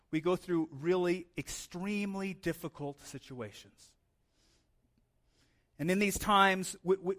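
A man's voice: high-pitched, a bit bright. A man in his thirties preaching a sermon in a conversational way, often adding "right?" and repeating words as he goes. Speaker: pastor.

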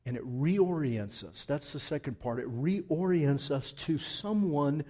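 A man preaching a sermon, moving from quiet, intimate remarks to loud, emphatic passages with conversational asides to the congregation. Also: on the high side, animated, measured pace. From Southwest United States. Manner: dynamic, swings from hushed to loud and emphatic. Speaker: pastor.

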